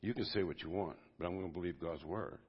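Husky-voiced man preaching, dull lo-fi audio. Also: low-pitched, fast. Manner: conversational, swinging from loud bursts to quiet asides. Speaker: pastor. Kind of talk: informal sermon to a men's group. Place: church service.

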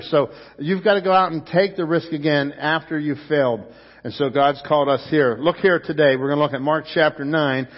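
A man delivers a sermon in a slightly high voice, spinning a story and pressing it home to his listeners. He lifts his voice to stress a point and drops to a near hush for the lesson. The sound is muffled and carries a long echo, as in a large church hall. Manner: storytelling preacher, rising and dropping to a hush. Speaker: pastor.

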